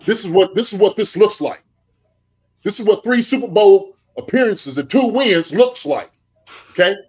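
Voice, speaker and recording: A man who played tight end, giving animated sports analysis, full of rhetorical "okay?" and "right?" check-ins. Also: high voice. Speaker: podcast co-host, former tight end.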